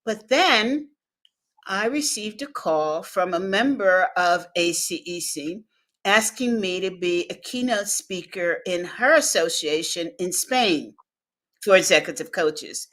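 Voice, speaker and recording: A woman's voice: mid-range voice, unhurried. A woman guest in an interview, telling personal stories and acting out the dialogue in them. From United States. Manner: animated storyteller acting out dialogue, laughing. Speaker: guest speaker. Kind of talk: interview storytelling.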